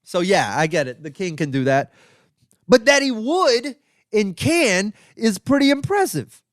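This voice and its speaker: A man hosting a comedy podcast, riffing sarcastically in a rambling, profane monologue full of restarts and sudden high exclaims. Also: sing-song, measured pace, no echo, studio quality. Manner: jumps into high exclaims for emphasis. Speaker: podcast host.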